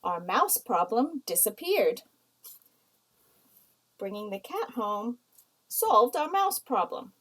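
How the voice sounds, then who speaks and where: A woman from the United States teaching a writing lesson, explaining slowly and reading example sentences aloud. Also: on the high side, very animated, a bit bright, rough recording.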